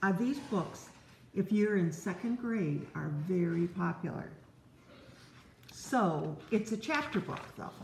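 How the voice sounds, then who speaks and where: Slow, gentle older woman reading aloud. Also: lowish voice, lively intonation, vocal fry, slight background noise. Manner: gentle, chatty asides to young listeners. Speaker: grandmother reading to children. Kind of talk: read-aloud storytelling for kids. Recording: roomy echo.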